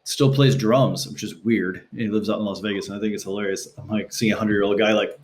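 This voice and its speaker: A man speaking as a guest on a podcast, telling stories casually and acting out quotes with shifting pitch. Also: fairly even intonation, fast talker, a little hiss or hum. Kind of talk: casual conversational storytelling. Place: Los Angeles.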